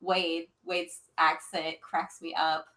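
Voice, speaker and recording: A woman's voice: deep voice, level tone, slow, pushed and bright. A woman with a slight Southern accent, chatting playfully as a guest on a casual podcast. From family in Arkansas. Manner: giggly, playful. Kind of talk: casual chat.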